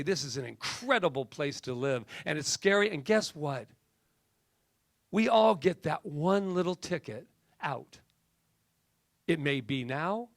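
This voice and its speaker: A middle-aged male minister delivers an impassioned sermon with a somewhat high, gravelly voice. He climbs to emphatic peaks, then drops to hushed, near-whispered asides. The sound is close and dry. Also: no echo.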